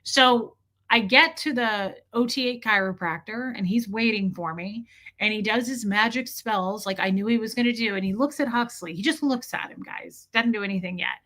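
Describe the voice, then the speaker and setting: A woman hosting a livestream, telling a personal story in a candid, animated way and breaking off now and then to greet viewers in the chat. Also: mid-range voice, normal speed. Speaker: livestream host.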